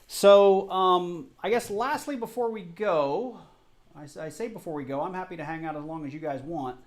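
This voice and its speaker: A man's voice: fairly high pitch, brisk. Chatty man hosting a live coin stream. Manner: chatty, apologetic, flustered. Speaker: livestream host. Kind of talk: casual live stream chat.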